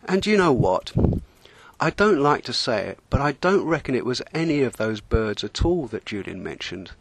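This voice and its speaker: A man, telling a comic sailing story in a deadpan, wry manner. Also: mid-range voice, moderate pace, breathy edge, no echo. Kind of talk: humorous spoken monologue.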